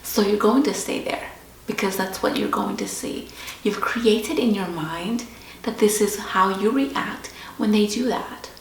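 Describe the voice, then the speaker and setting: A woman host sharing a personal story in a slow, reflective, confessional way. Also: mid-range voice, creaky. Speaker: podcast host. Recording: roomy echo with faint background hiss.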